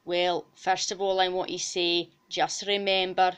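A woman's voice: fairly low pitch, little pitch movement, unhurried, fairly bright tone, clean tone. A woman voicing a foul-mouthed female cow mascot with a Scottish accent, boisterous and rowdy in a comic puppet interview. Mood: shouty.

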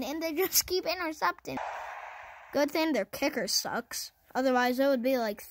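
A woman giving casual, self-mocking commentary over her own football video game, cheering in excited bursts. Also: high voice, normal speed, noisy background. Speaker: gaming channel host.

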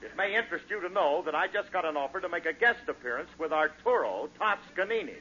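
A man's voice: fairly high pitch, animated, fast talker, sharp tone. A man in a 1940s radio comedy, talking in a brash, cocky, slangy way. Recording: hissy lo-fi 1940s radio broadcast.

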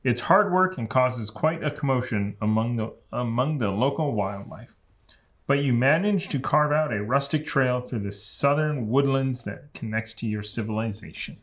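A man's voice: medium pitch, normal speed. Man reading board game rules aloud. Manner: reads game cards and rules aloud, steady and matter-of-fact. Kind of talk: casual tabletop game chat.

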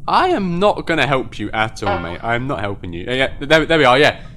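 A man giving excitable live commentary on his own gameplay, quick to get worked up and swear at other players. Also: mid-range voice, slight background noise. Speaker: gaming video host.

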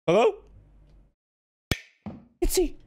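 A man's voice: extremely slow, darkish tone, slight background noise. A man commenting on a horror game he is playing, rambling jittery self-talk. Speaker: let's play gamer. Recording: game music behind.

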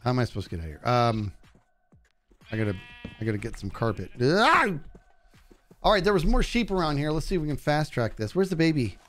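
Chatty, lively male game streamer. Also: mid-range voice, fast talker, faint music behind. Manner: chatty, talks to animals and chat. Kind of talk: live gameplay commentary.

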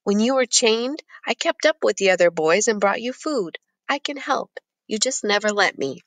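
A woman's voice: mid-range voice, very animated, moderate pace, fairly bright tone, dry recording, pitched above the performer's own voice. A small, sick boy with a raised, childlike voice pleads and insists that he can help, as a woman reads him aloud. He sounds eager and stubborn, and the recording is dry and close. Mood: insistent. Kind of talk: audiobook character voice.

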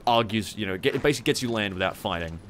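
A man's voice: on the low side, very fast, a bit bright. A young man hosting a strategy game playthrough, rambling and swearing with mocking asides. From Australia. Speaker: gaming channel host. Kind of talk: casual strategy game commentary.

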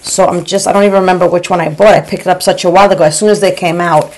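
A woman's voice: fairly low pitch, steady tone, very fast, a little hiss or hum. A woman in her forties or fifties, a beauty vlogger in a casual makeup review at home, chatty and calling her viewers "girl", with stammering repeats. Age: 40s or 50s. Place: home room.

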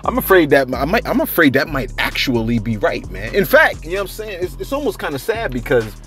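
A man's voice: a little high, fairly quick, soft background music. A man hosting a celebrity gossip channel, chatting casually and telling stories with lots of laughter. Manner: animated storyteller, laughs often, acts out quotes. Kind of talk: casual commentary.

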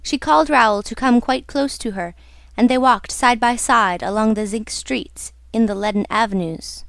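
A woman narrating an audiobook in a measured, unhurried reading. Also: a little high, fairly bright tone, dry recording. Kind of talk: scripted narration.

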